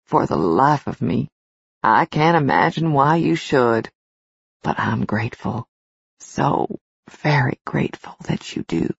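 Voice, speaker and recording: A woman's voice: very deep voice, lively intonation, slow, creaky, slightly rough, no echo, heavily acted. Woman voicing a tender, remorseful husband. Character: remorseful husband in a romance novel. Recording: slightly dull, dry studio recording.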